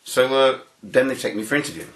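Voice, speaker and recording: A man, interviewed and telling anecdotes in an animated way, often repeating words as he starts a phrase. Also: mid-range voice, fast talker, reverberant. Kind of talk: anecdotal storytelling.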